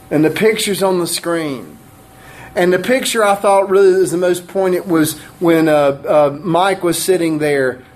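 A man preaching a sermon as pastor, animated and emphatic, with laughing asides and repeated phrases. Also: on the high side.

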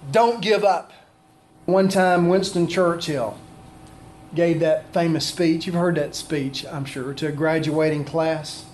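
High-voiced preacher. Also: male voice, a little mellow, slight background noise. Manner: preaching with call-and-response questions. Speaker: pastor. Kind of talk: sermon.

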